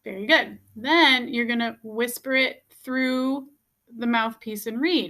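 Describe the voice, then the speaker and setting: A woman's voice: on the high side, slow pace, bright, forceful tone. A woman teaching a beginner music lesson, patiently repeating each step and checking in with "okay?". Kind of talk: instructional video lesson.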